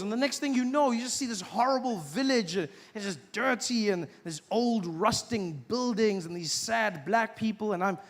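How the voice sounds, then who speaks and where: A man from South Africa performing stand-up comedy, animated and mocking. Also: high voice, normal speed, hardly any pauses, a little hiss or hum. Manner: animated, mocking, acts out voices. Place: large theatre stage. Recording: live stage in a big hall, laughing audience.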